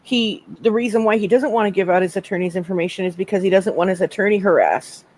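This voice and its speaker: A woman's voice: mid-range voice, fast talker, darkish tone. A woman hosting a casual livestream chat, talking emphatically with a lot of swearing and laughter. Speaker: host.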